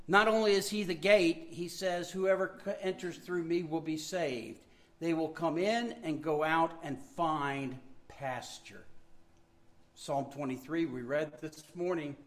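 Male pastor, mid-high voice, slow deliberate sermon delivery, emphatic. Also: expressive. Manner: emphatic, slowing down on key words, dropping to a soft hush; admits his own weariness.

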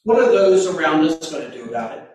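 A man preaching a sermon, slow and deliberate, with sudden emphatic bursts. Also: on the high side, animated, a little mellow. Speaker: pastor. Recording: very echoey room, mic far off.

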